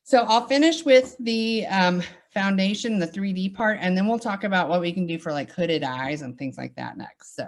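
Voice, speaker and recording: A woman's voice: medium pitch, animated, moderate pace, hardly any pauses. A woman with a Southern US accent giving a makeup demonstration, upbeat and reassuring as she walks through each step. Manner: upbeat, reassuring, chatty teaching. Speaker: makeup instructor.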